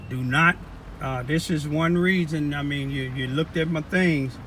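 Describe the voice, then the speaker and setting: Impassioned high-voiced man ranting to viewers. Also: measured pace, a bit bright, a little hiss or hum. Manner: impassioned, repetitive, addresses viewers as y'all. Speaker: local political commentator. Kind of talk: live video rant.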